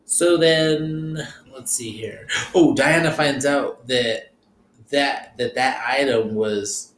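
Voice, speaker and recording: A man in a relaxed podcast chat, rambling along and cursing casually as he walks through scenes. His voice sits at a middle pitch. The room echoes around him over a faint hiss. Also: slow. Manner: relaxed, rambling, swears freely. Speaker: podcast co-host. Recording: roomy echo with faint noise.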